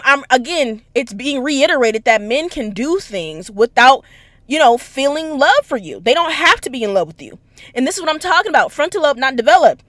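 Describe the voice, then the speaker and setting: A woman giving an animated, slangy analysis of a story in casual talk. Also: high-pitched, moderate pace, no room sound, studio quality. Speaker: anime commentator.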